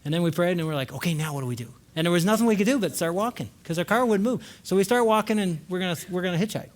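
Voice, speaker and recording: A male conference speaker telling a story in a sermon, animated, acting out scenes and shouting at the peaks. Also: high-pitched, racing.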